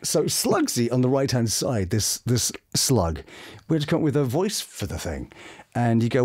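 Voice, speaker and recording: A middle-aged voice actor chatting casually and telling stories with lively energy. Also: male voice, mid-range voice, moderate pace. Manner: animated storyteller who slips into character voices. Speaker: voice actor guest. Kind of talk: casual chat.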